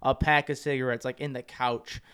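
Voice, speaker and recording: A man telling a story in casual podcast chat, swearing freely and loudly acting out what people said. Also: mid-range voice, moderate pace, clean tone. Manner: animated, swearing, acts out quotes loudly. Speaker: podcast co-host.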